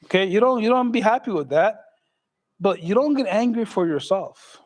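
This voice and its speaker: High-voiced imam joking with his congregation. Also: animated, normal speed, low-quality recording. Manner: joking, conversational, asks the audience questions. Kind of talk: casual sermon to a congregation.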